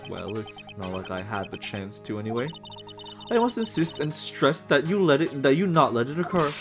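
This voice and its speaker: A man's voice: mid-range voice, sing-song, moderate pace, music in the background. Man playing a starchy, formal older lady medium, prim and cold. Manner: stiff, overly polite, formal. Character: stern formal older woman, spirit medium. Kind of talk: reading game dialogue aloud on stream.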